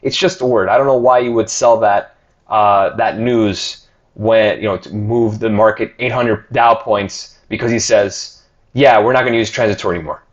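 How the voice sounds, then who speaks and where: A man's voice: on the low side, steady tone, measured pace, lo-fi sound. A man hosting a casual stock market commentary show, talking loosely with many fillers and reading out viewer questions. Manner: conversational, filler-heavy, reads viewer questions aloud.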